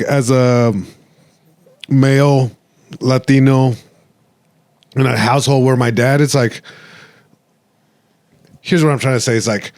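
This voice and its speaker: A man's voice: medium pitch, darkish tone, no room sound. A man hosting a podcast, talking reflectively in casual chat with many fillers and restarts, slipping into Spanish phrases. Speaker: podcast host.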